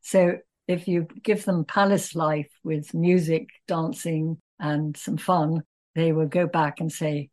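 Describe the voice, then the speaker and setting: A woman's voice: sits low, steady tone, a little slow, darkish tone. An older British woman, a scholar guest in an interview, wry and matter-of-fact. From Britain. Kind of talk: casual interview conversation.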